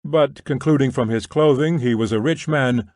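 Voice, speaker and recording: Brief: male narrator, middle pitch, measured novel reading, dry close sound. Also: a little mellow, no echo. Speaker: audiobook narrator. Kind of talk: scripted narration.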